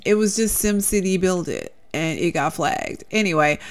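A woman's voice: mid-range voice, very animated, a little slow. A young woman chatting casually as she shows off game clothing, gushing and talkative, calling her viewers "y'all". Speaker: Sims content creator showcasing custom content. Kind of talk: casual gameplay commentary.

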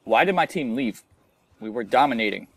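A young man giving live commentary over his own online shooter match, swinging between quiet muttering and frustrated yelling. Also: medium pitch, expressive, a little fast, husky, dry recording. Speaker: gameplay commentator.

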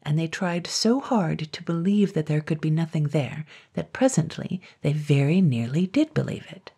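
A woman narrating a classic children's story in a measured way, dropping to a whisper in tense moments. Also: sits low, lively intonation, creaky, warm tone, slightly rough.

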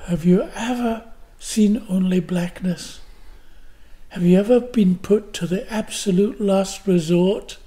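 Older Glaswegian actor, mellow voice, theatrical anecdotes, interview guest. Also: male voice, high-pitched, slow. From Scotland. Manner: theatrical, vivid, acts out his own cries and quotes; fillers and restarts, rhetorical questions.

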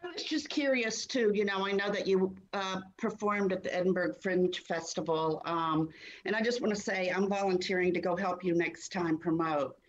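A woman's voice: on the low side, normal speed, lo-fi sound. A woman co-host asking long, chatty questions in a casual chat.

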